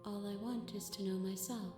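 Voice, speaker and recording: A woman's voice: mid-range voice, steady tone, lightly acted. A woman voicing a solemn cosmic goddess princess. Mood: reflective. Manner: slow, solemn, poetic. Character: shifting cosmic goddess princess, calm and introspective. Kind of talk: game dialogue. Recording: echoey game audio with loud music. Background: game music.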